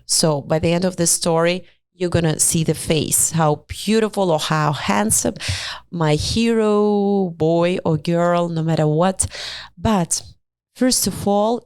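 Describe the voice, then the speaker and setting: A woman hosting a podcast who talks in a casual, expressive way, acting out little quoted dialogues in non-native English with small grammar slips. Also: medium pitch, no echo. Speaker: podcast host and astrologer-matchmaker. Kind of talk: casual monologue. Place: studio.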